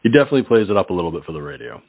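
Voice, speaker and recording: A man's voice: sits low, sing-song, racing, dry recording. A man hosting a casual call-in radio show, rambling through crude jokes and laughing often. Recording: tinny phone-like line.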